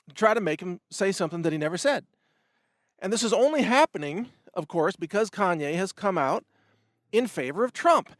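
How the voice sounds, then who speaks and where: Male host, fiery commentary rant, slightly high pitch, dry close sound. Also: dry recording. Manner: impassioned, ranting, with sharp emphatic swings; repeats words on restarts. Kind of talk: political commentary monologue.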